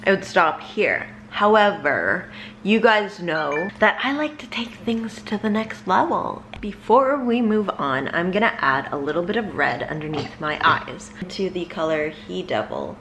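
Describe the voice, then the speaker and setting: A woman talks through a makeup tutorial in a casual, chatty way with plenty of filler words. She speaks slowly in a fairly low voice, with a faint hiss behind her. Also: lively intonation, fairly bright tone. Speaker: makeup vlogger.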